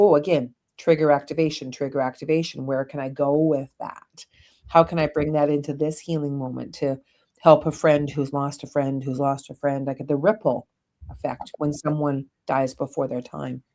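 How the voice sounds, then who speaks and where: Middle-aged female co-host with a deep, low register; candid storyteller, blunt, swears now and then. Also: fairly even intonation, normal speed, warm tone. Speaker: podcast co-host. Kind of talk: casual conversation.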